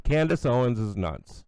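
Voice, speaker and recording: Middle aged guy ranting on his own show, sarcastic and scornful, smooth voice, dry close mic. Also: mid-range voice, a little mellow, dry recording. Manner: blunt, sarcastic, scornful, with asides and restarts. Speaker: radio commentary host. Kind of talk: opinionated solo commentary.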